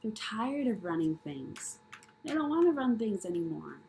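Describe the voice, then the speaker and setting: A woman's voice: mid-range voice, sing-song, moderate pace, gravelly, dark tone, a little hiss or hum, low-quality recording. A woman reading tarot cards in a casual monologue, delivering blunt, profane tough love with emphatic repetition and rhetorical questions. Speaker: tarot reader.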